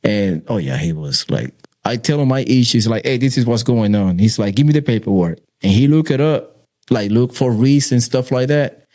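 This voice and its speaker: A male podcast host with a mellow, darker tone and a mid-range voice. He talks loosely and haltingly, restarting his sentences as he shares his own backstory. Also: mid-range voice, animated. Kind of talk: casual interview chat.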